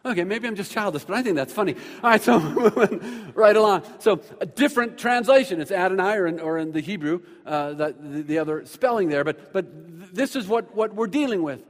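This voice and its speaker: High-voiced man preaching in a reverberant hall. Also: a little fast, few pauses. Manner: animated, repeats words when excited, jokes aside. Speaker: pastor. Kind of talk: sermon. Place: church sanctuary with screens.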